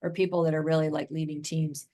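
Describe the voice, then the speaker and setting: Chatty American woman with a lowish voice. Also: level tone, quick pace, warm tone. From United States. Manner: enthusiastic, talks in long chatty runs full of "like" and "right?". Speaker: guest expert in human design. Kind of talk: casual podcast interview.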